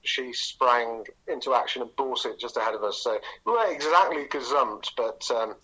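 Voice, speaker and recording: A middle-aged English man being interviewed, his voice bright and forward. He rambles through a story with plenty of ums and restarts. The talk is relaxed and chatty. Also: mid-range voice, moderate pace, husky, poor audio. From England. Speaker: interview guest.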